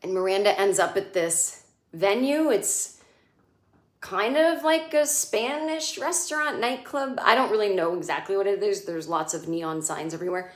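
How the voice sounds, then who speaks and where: Female host, casual and wry, mid-range voice, recorded in a roomy, echoing space. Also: mid-range voice. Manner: chatty, sarcastic, acts out characters' lines in quick impressions. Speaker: podcast host recapping a TV episode. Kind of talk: casual solo recap.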